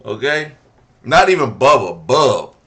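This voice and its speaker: A man's voice: medium pitch, expressive, slow pace, pushed and bright. A man hosting a reaction video, teasing his viewers in playful joking commentary. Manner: playful, teasing, chuckling at the chat. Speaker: host reacting to a clip.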